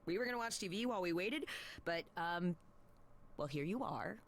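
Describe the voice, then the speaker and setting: An actress voicing a breezy, upbeat young god of messengers in a video game, talking casually with nervous fillers. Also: female voice, on the low side, lively intonation, moderate pace, creaky, slight background noise.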